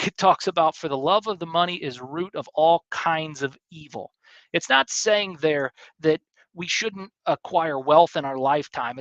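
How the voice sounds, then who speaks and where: A man's voice: fairly high pitch, fairly bright tone, no room sound, lo-fi sound. A man hosting his show, giving an earnest teaching monologue with repeated, preacherly emphasis. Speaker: show host.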